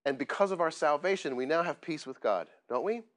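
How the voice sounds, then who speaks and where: A man's voice: a little high, lively intonation, a little fast, fairly bright tone. A man preaching a sermon as pastor, plain-spoken and self-deprecating, often asking the congregation questions. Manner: conversational, asks the congregation questions.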